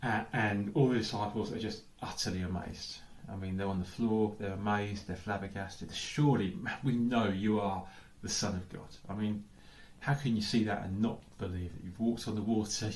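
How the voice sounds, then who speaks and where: An English man with a fairly low pitch and darkish tone gives a sermon as pastor, recorded in an echoey church hall. He thinks out loud as he goes, asking many questions and saying "I don't know" over and over.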